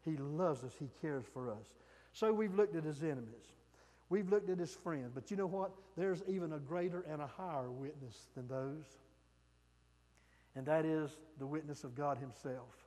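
A man preaching a sermon, swinging from loud emphatic peaks to soft hushed lines. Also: fairly high pitch, moderate pace, in a large hall.

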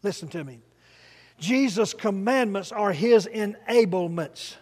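A man's voice: sits high, lively intonation, unhurried, darkish tone, long reverb tail. A man preaching a sermon, emphatic and leading the congregation to repeat phrases after him.

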